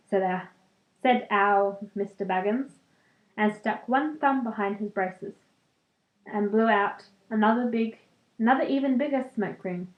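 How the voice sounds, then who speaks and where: A woman's voice: mid-range voice, unhurried, pauses often, reverberant, dull audio. A young woman, a student, casually reading a book aloud and breaking off for chatty, giggly asides full of fillers.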